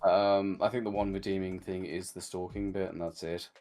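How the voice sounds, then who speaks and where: A man's voice: low voice, level tone, moderate pace, darkish tone, faint music behind. A man co-hosting a casual review chat, rambling with lots of "like" and acting out lines he quotes. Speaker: podcast co-host reviewing a cartoon.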